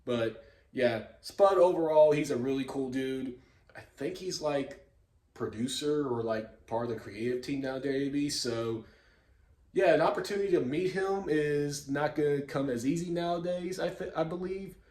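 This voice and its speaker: A man hosting his own video channel, telling stories in a relaxed, rambling way with lots of fillers and chuckles. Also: on the high side, normal speed. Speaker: YouTube host. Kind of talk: casual vlog storytelling. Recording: echoey room.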